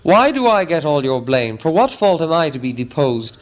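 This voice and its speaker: A man voicing a scheming, defensive old town master who speaks loud and rhetorical in a storybook reading. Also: medium pitch, normal speed, close to an everyday voice.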